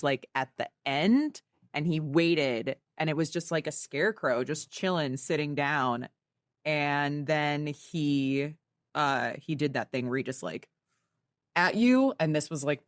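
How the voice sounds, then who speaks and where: A woman with a somewhat low voice tells a story on a podcast. She rambles in a halting way and corrects herself as she goes, recorded close and dry. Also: no echo. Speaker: podcast co-host. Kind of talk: casual storytelling.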